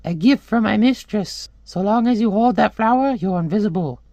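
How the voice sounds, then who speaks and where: A man voicing a small talking messenger bird in a high, chirpy put-on voice while reading a comic aloud. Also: normal speed, creaky, darkish tone, dry recording. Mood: urgent.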